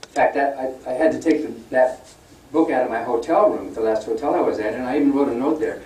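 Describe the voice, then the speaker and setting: An older man gives a chatty guest lecture full of fillers and stories. His voice is mellow and low-key. He sounds distant from the mic, in a roomy, echoing hall. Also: fast. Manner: conversational storytelling, with many fillers; mimics opponents in a raised, mocking voice. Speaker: guest speaker. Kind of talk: public lecture. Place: lecture room at a university event.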